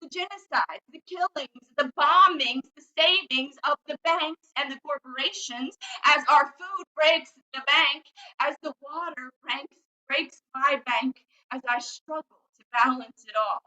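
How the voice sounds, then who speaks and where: A woman's voice: high voice, measured pace, bright, forceful tone, muffled recording. A woman poet performing spoken-word poetry over a video call, impassioned and rhythmic, repeating her phrases.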